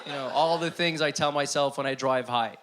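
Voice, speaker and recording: A man's voice: medium pitch, fairly quick, very noisy. A man performing a stand-up comedy set on a club stage before a live audience, talking animatedly and acting out the voices in his stories.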